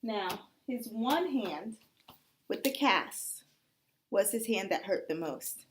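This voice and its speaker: A woman's voice: mid-range voice, expressive, takes it slowly, slight background noise. A woman teacher telling young children a story that explains how clock hands work, checking in with them often.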